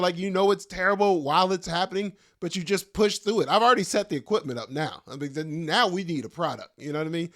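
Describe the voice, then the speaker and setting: A man's voice: sits high, a bit bright. A middle-aged man, hosting his own podcast as a stand-up comic, rambling casually and joking at his own expense in loose slangy talk. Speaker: podcast host and stand-up comedian.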